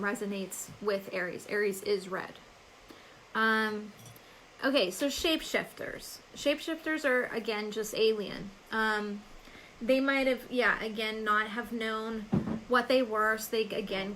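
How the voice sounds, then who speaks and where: A woman's voice: a little high, measured pace, bright, forceful tone, a little hiss or hum, poor audio. A woman hosting a live stream as a psychic medium, chatting casually, laughing often and answering viewers by name.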